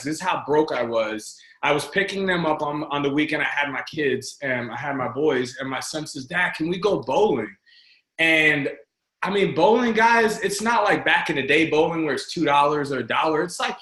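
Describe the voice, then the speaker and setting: Male guest in his thirties, earnest storyteller, bright high voice, roomy echo. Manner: earnest, repetitive, addresses listeners as guys. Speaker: interview guest. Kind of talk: emotional personal storytelling.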